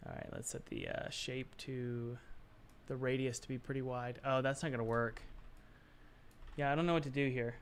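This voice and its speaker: A man's voice: mid-range voice, steady tone, normal speed, a little hiss or hum. A man who develops games, thinking aloud to himself as he works, puzzled and muttering with sighs. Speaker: game developer. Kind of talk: thinking aloud while working.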